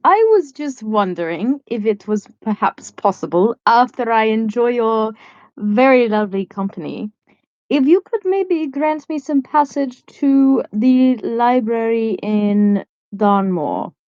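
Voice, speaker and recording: A woman's voice: on the high side, animated, a little mellow, dry recording, lo-fi sound. A woman playing a stiff, awkward young dragon rider. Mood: formal. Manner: halting, overly formal and awkward.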